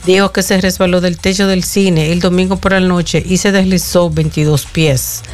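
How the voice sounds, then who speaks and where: A radio co-host reading a short news story aloud in Spanish in a steady, measured way. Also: medium pitch, soft background music.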